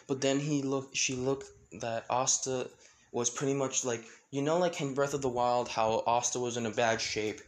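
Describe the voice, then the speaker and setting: A man's voice: medium pitch, a little hiss or hum, low-quality recording. A man casually retelling a fan-made crossover story, rambling with many fillers and restarts. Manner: rambling, full of "pretty much" and "like", frequent restarts.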